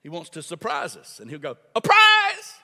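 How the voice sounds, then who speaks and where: An older pastor preaches a sermon in a church sanctuary, repeating phrases for emphasis and calling the congregation to answer back. His voice is on the high side, fairly quick, sharp, and slightly rough, with long hall reverb.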